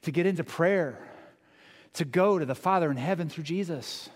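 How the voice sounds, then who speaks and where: A male pastor preaches in a fairly high voice, talking to his congregation conversationally and earnestly. He asks them questions and challenges them. His voice carries a long hall reverb. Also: normal speed. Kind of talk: sermon.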